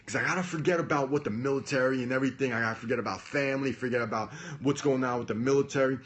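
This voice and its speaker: Man recounting a focused military officer, calm, quiet, matter-of-fact, everyday mid-pitched voice. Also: rapid-fire, natural voice. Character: calm focused male Marine captain, bodybuilder.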